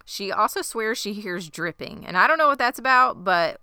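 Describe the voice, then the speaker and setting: A woman co-hosting a podcast, casually recapping a TV episode and acting out the characters' lines with animated delivery. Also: medium pitch, normal speed, smooth, dry recording, clean studio sound. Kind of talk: casual chat.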